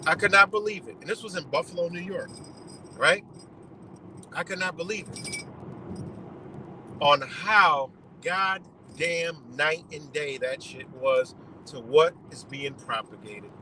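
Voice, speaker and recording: A man hosting a livestream, talking in an animated, profane rant and repeating himself in disbelief. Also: a little high, takes it slowly, pauses often, a little hiss or hum, poor audio. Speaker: livestream host.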